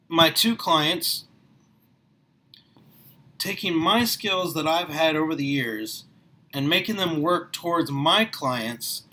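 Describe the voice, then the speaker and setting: A middle-aged man giving a passionate motivational talk to the camera, his voice rising and getting louder as he gets worked up. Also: fairly high pitch, rough recording. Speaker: small business owner recruiting for network marketing. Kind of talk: motivational vlog monologue.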